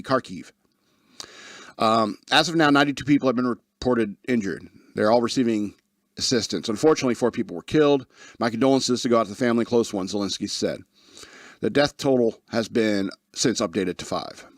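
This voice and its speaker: A man's voice: mid-range voice, no echo. Sarcastic male talk radio host, dry sound. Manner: reads news aloud with sarcastic asides and stumbles. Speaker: radio show host reading news. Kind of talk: casual news commentary.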